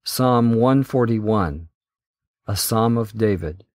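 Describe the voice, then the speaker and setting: Slow, measured male Bible reader. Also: fairly low pitch, a little mellow, no room sound, studio quality. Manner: measured, deliberate reading. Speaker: Bible reading podcast host. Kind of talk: slow scripture reading.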